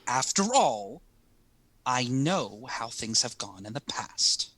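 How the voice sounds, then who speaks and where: Pressing, worried mom, played by a man, bright dry voice, tabletop role-play. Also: medium pitch, animated, slow pace, slightly rough, no echo, heavily acted. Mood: concerned. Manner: pressing, insistent questions. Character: worried middle-aged mother, wife of a schemer.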